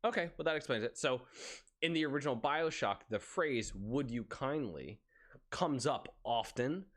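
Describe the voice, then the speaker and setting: A man co-hosting a casual podcast chat, acting out quoted phrases as he tells a story. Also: normal speed. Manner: animated, acts out quoted phrases with big pitch swings. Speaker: podcast co-host.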